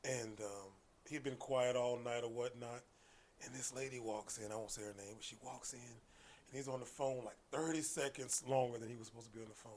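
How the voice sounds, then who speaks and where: A man's voice: mid-range voice, brisk, slight background noise. A man, a martial arts coach, telling stories casually as a guest and acting out the people in them, sometimes dropping to a whisper. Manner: animated, acts out voices, drops to whispers. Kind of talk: casual storytelling.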